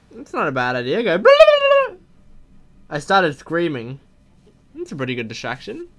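A gaming video host, a man with a voice on the high side, reads a text story aloud. He reacts excitedly as it unfolds, gasping and exclaiming at every twist.

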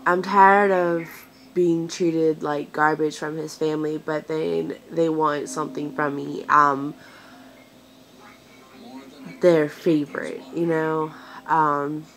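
A woman's voice: low-pitched, flat delivery, takes it slowly, poor audio. A woman in her twenties rambling to camera as a vlogger, venting with many hesitations and sounding close to tears. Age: 20s. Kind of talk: casual chat to camera.

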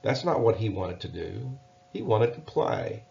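A man reading a children's storybook aloud in a gentle, measured way. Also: lowish voice, very animated, creaky. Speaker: narrator. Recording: dull lo-fi recording.

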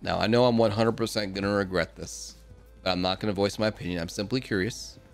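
A man hosting a game stream, calling out players in a casual, upbeat way, with soft music underneath. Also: fairly low pitch, steady tone. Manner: upbeat, announcing players with quick asides. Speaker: game host.

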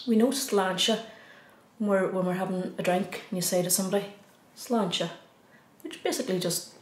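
A woman with an Irish accent teaching a beginner language lesson, saying each phrase slowly, repeating it, then giving the English. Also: fairly low pitch. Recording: echoey room.

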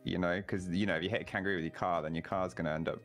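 Deep-voiced man rambling casually. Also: fairly even intonation, very fast, fairly bright tone, faint music behind. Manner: rambling anecdotes with many fillers. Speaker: game streamer playing with friends. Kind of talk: casual chat.

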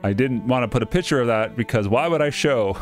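A man's voice: mid-range voice, animated, fast talker, soft background music. A man reading a visual novel aloud and breaking off into wry jokey asides, often stumbling over names.

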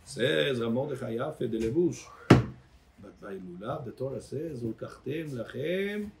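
A man's voice: mid-range voice, animated, moderate pace, heavy background noise. A rabbi teaching a Torah class to a congregation. He calls on listeners by name, quizzes them, and switches between English and Hebrew phrases.

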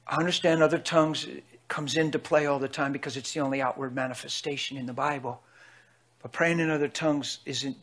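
A man preaching an unscripted sermon in an excitable, colloquial way, bursting with passion, on a clip-on microphone in a church hall. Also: mid-range voice, breathy edge.

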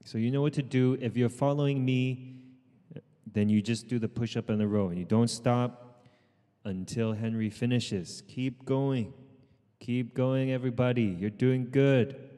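A man leading an outdoor group workout as trainer, calling out counts and urging people on, with quick asides in Cantonese. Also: medium pitch, fairly even intonation, in a large hall. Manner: shouted counting and encouragement, switching into Cantonese asides. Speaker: fitness trainer. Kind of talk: live workout coaching. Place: outdoors in the sun.

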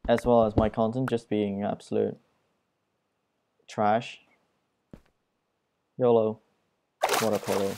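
A young man giving casual, self-mocking commentary while he plays a video game, dropping puns in a flat tone. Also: fairly low pitch, slow, pauses often, noisy background. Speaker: Let's Play gamer.

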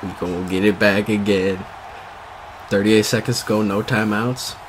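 A young man giving live gaming commentary at home, excitable, swearing and laughing as he plays. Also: on the low side, normal speed. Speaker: gamer. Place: room at his family home. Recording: game crowd noise behind.

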